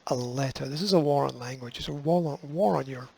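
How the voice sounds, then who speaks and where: A man's voice: medium pitch, a little fast, vocal fry, a little mellow, slightly rough, rough recording. A man hosting a show, reading news items aloud and breaking off with sarcastic, dismissive asides. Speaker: host.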